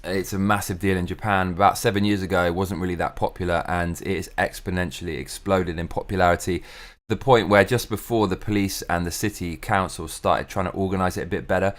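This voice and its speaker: A man's voice: low voice, fairly even intonation, brisk. A young man hosting his own show, talking in a casual solo monologue that is profane, ranting and opinionated. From England. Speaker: show host.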